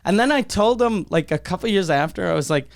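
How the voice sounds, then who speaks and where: A man's voice: high voice, fairly quick, vocal fry, background noise. Profane storytelling male podcast host. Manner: profane animated storyteller, acts out quotes. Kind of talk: casual chat.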